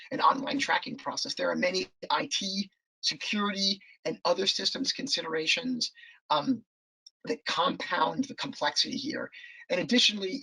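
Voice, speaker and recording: A man's voice: a little high, vocal fry, bright, forceful tone, husky, rough recording. A man losing his voice, presenting a policy report on a webinar over a video call, hesitant with many ums and restarts.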